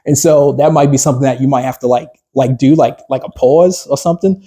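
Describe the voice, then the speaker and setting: In a husky, dark, mid-pitched voice, a business coach walks a small group through a workshop at a brisk clip. He's casual and chatty, with lots of fillers and restarts, and often turns questions back to the participants.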